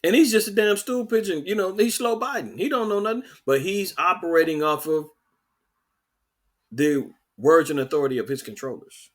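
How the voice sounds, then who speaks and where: A man hosting a podcast, delivering animated, sarcastic political commentary with mocking asides. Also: sits high, moderate pace. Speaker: podcast host.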